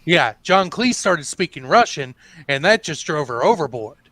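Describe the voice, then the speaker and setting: Male guest, fairly high and bright, rambling casual storyteller. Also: sing-song, normal speed, no echo. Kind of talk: casual stream chat.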